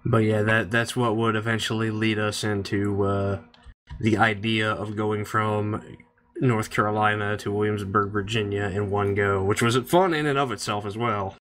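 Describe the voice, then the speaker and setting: A man on a casual podcast chat, recounting a trip in a relaxed, profane way. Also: lowish voice, normal speed. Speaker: podcast co-host.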